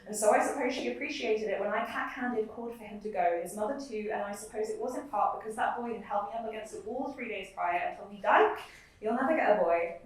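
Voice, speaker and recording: A young woman poet giving a live reading, moving between measured recitation and chatty asides between poems. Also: mid-range voice. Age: young adult. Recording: very echoey room, mic far off.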